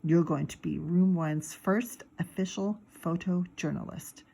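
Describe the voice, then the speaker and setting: A woman's voice: fairly low pitch, a little slow, gravelly, husky, exaggerated voice. Woman doing a cheerful male teacher. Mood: coaxing. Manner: gentle, coaxing and upbeat. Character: friendly cheerful male grade-school teacher.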